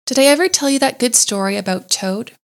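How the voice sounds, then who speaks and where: A woman voicing a lively, gossipy male otter with a bouncy, loud way of talking. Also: a little high, brisk, pitched above the performer's own voice, close to an everyday voice.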